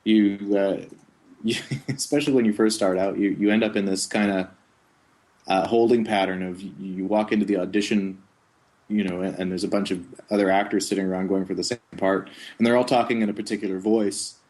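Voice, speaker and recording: Low-voiced man telling rambling anecdotes. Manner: slips into quick character voices mid-sentence; relaxed, rambling storytelling with chuckles. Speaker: voice actor guest. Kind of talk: casual interview chat.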